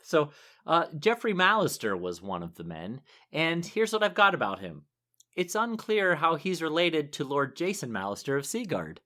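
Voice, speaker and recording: A man's voice: fairly high pitch, very animated, normal speed, pushed and bright. A man in his forties co-hosting a podcast, chatting casually, rambling and laughing easily. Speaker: podcast co-host. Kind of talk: casual chat.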